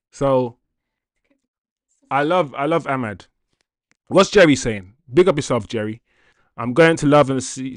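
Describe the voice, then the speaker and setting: A young man hosting a casual football livestream, reading viewer comments with slangy, animated chatter and laughter. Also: medium pitch, no echo, clean studio sound.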